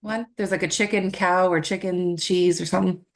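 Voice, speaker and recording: A low-pitched young woman in easy conversation. She swears casually and breaks into laughter often, chatting between bites of a snack. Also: fairly even intonation, normal speed, crowd noise. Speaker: podcast co-host. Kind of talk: casual chat.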